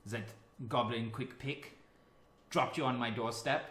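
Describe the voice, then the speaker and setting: A nervous, stooped robot construct, played by a man, who frets and speaks in a stiff, formal way. The voice is bright and close to ordinary speech. It sits in a roomy, echoing space. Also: medium pitch, fairly even intonation, unhurried, natural voice. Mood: fretful, formal. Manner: fussy, formal and fretful.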